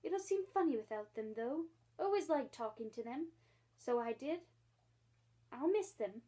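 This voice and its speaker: A woman's voice: high-pitched, animated, a little slow, warm tone. A woman voicing a cheeky, chatty old male starling with a perky, wheedling manner in a storybook reading.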